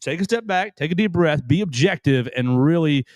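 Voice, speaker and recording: A man's voice: fairly high pitch, expressive, moderate pace, a little mellow, dry recording. A man hosting a casual wrestling talk show, rambling and restarting his sentences playfully. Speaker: host.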